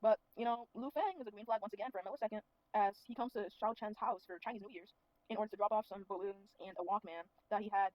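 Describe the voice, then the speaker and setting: A woman's voice: mid-range voice, fast talker, no room sound, muffled recording. A woman recapping a movie in a casual, sassy, profane way, full of running commentary. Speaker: movie reviewer. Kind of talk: casual spoken film recap.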